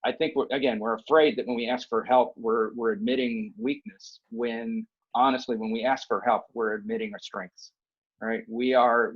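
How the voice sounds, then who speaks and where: Earnest man with a husky voice. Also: medium pitch, lo-fi sound. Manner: earnest, emphatic, often checks in with "okay?" and "right?". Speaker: guest, university director of bands. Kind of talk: conversational advice.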